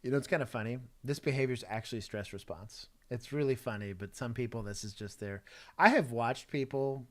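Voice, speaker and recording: A man with a Texas accent, a former police officer co-hosting a casual livestream, laid-back and often laughing, his sentences trailing off softly. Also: mid-range voice, brisk.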